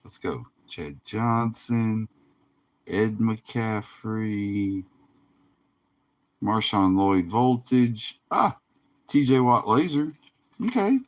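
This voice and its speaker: A man's voice: on the low side, lively intonation, very slow, long pauses. A tired man hosting a live card break stream, talking in a laid-back, drawling way and laughing often. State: tired, yawning. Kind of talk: casual livestream commentary.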